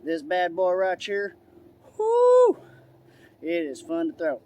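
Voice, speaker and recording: Guy doing a hollering redneck dude, high and rowdy, all y'all and yeehaw. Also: wildly swooping pitch, takes it slowly, mellow, a little hiss or hum, full character voice. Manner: hollering, begging, drawling "y'all". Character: excitable loud redneck man, eager and rowdy. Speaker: host. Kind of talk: product review.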